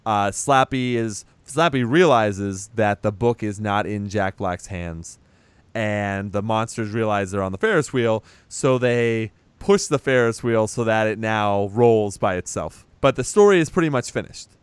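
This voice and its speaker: A man's voice: fairly low pitch, animated, a little slow, smooth, no echo. A man recapping a film in loose casual chat, swearing freely and laughing as he retells the scenes. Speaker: podcast co-host recapping a film.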